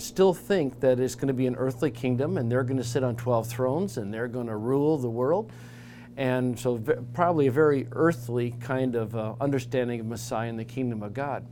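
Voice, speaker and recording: A man giving an informal Bible teaching talk, conversational, getting animated when he acts out the disciples. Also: mid-range voice, a little hiss or hum.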